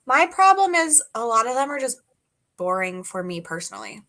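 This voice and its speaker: A woman's voice: on the high side, big pitch swings, normal speed, bright, forceful tone. A young woman co-hosting a casual livestream chat, easygoing and talking loosely with fillers. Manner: easygoing, frequent "mm-hmm" backchannels and fillers. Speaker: co-host booktuber.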